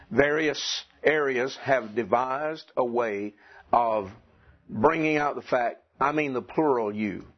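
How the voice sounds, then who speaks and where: Southern male teacher, slow, husky voice, dull lo-fi classroom tape. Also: mid-range voice, lively intonation. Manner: slow, deliberate, drills pronunciation. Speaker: Greek teacher. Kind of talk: classroom lecture.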